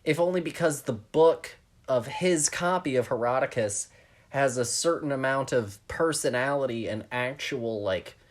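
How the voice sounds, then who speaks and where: A man's voice: medium pitch, moderate pace. A man co-hosting a film podcast in casual conversation. He talks things through thoughtfully, hedging, circling back and restarting his sentences as he goes. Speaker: podcast co-host.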